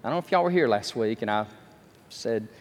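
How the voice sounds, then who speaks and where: A man preaching a sermon as pastor, telling stories with animated energy and self-deprecating asides. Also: medium pitch, a little fast. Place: large church sanctuary. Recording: long reverb of a large hall.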